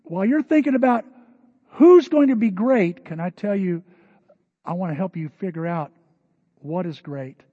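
A man preaching a sermon, telling a story in a lively way and acting out the voices of the people in it. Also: sits high, normal speed, pauses often, no room sound, lo-fi sound. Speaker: pastor.

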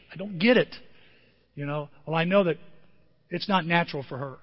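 High-voiced male pastor, lively sermon. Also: moderate pace, long pauses. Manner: conversational, animated storytelling with acted quotes. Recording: dull lo-fi with long reverb.

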